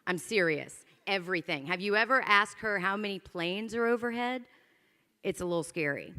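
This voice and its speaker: Bright-voiced woman emceeing a gala. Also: medium pitch, animated, normal speed. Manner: playful, joking asides to the audience. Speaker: master of ceremonies. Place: large event hall. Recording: hall reverb from a PA system.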